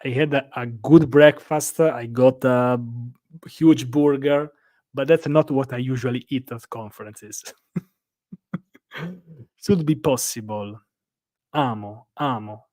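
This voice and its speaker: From a hotel room, a man with an Italian accent chats casually on a live stream, working through viewer questions in a rambling way full of "uh"s. His mid-range voice has a darkish tone, and there's no echo.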